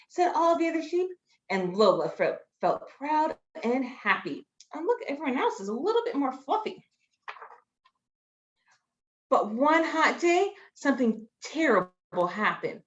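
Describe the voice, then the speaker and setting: A woman librarian reads picture books to children over a video call in a high, bouncy voice that climbs and dips constantly. She exclaims and gasps to keep little listeners hooked. The sound is dull and lo-fi. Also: measured pace. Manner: expressive, gasping and exclaiming for children. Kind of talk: children's storytime read-aloud.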